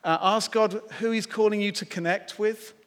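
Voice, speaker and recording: A male preacher telling a personal story in a sermon, animated and acting out his own thoughts. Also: high voice, moderate pace, smooth. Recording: long hall reverb.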